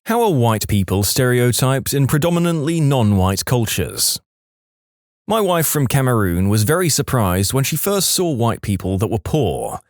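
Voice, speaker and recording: Man, storytime narrator, animated pitch, close dry mic, quick put-on voices. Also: no room sound. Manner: lively, puts on quick voices for quotes. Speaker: narrator reading stories.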